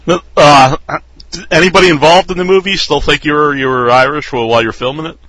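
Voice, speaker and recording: A man's voice: on the high side, fairly even intonation, quick pace, pushed and bright, no room sound, low-quality recording. A man hosting a horror podcast interview, chatting loosely and easily, with plenty of fillers. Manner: easygoing, loose, with many fillers. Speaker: podcast host. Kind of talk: casual interview chat.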